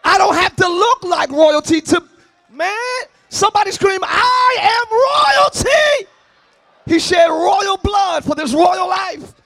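A man preaching a sermon as pastor, often shouting. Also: extremely high pitch, a little slow, no echo, some chatter behind. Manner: shouting, sing-song preaching with call-and-response. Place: church service, before a congregation.

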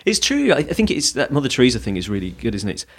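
A man's voice: medium pitch, wildly swooping pitch, very fast, a little hiss or hum. Reflective, rambling male podcast co-host. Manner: reflective, rambling, thinking aloud with restarts. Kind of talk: casual chat.

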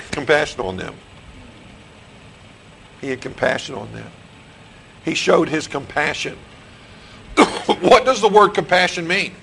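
Middle-aged male pastor, gravelly slightly high voice, preaching style with repeated questions to the room. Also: fairly bright tone, slight background noise, rough recording. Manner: repeats questions to the congregation, restarts phrases. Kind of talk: sermon. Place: church sanctuary.

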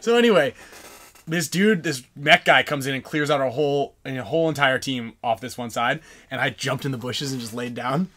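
A man hosting a podcast, telling a lively story in casual chat and acting out the people in it. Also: medium pitch, moderate pace. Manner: animated storyteller, acts out voices, frequent laughs. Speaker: podcast host.

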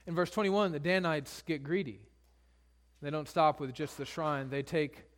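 A male pastor preaching a sermon, retelling scripture in casual everyday speech. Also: on the high side.

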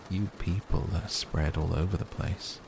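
A man's voice: low voice, creaky, noisy background. A man doing a dry, haughty talking cat. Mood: dry aloof. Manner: dry, unhurried, condescending. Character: aloof, dry, self-assured male cat.

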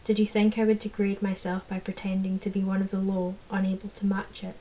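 A woman's voice: medium pitch, completely flat delivery, fairly quick, mellow, lightly acted, rough recording. A woman reading aloud, voicing a proud, cold fairy lord who speaks with hissing contempt. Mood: haughty. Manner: hissing, haughty.

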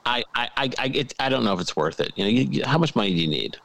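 A man's voice: medium pitch, lively intonation, very fast, creaky, a bit bright, dry recording. A man co-hosting a podcast in casual chat, rambling and joking, often repeating himself. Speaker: podcast co-host.

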